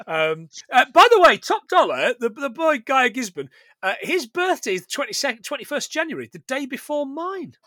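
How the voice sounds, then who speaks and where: Sweary, high-pitched man. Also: normal speed, dry recording, studio quality. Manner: sweary, laughing, animated storytelling. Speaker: podcast co-host. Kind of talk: casual film recap chat.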